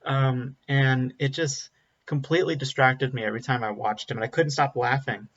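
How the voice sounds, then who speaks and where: Male film reviewer, bright forceful voice, blunt and rambling, slightly dull lo-fi audio. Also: mid-range voice, steady tone, normal speed. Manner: blunt, rambling, frequent ums and restarts. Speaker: movie reviewer. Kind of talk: casual spoken film review.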